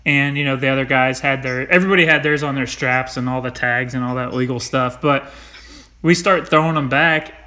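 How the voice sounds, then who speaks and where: A man hosting a casual chat, animated and laughing as he tells stories, with light swearing. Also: medium pitch, brisk.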